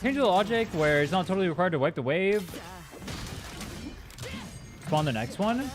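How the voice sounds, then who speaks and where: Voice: mid-range voice, very animated, normal speed, music in the background. A young adult game streamer from California, chatting casually with chat while playing and swearing freely.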